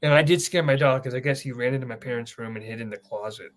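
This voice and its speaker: A young man hosting a casual wrestling chat, an excitable storyteller who swears freely. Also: mid-range voice, fast. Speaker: podcast host.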